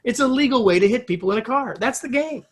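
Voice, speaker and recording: A middle-aged man from the United States, a guest in a casual interview, telling a story with lively acted-out quotes. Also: fast talker, slight background noise. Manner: animated storyteller, acts out quotes with rising pitch.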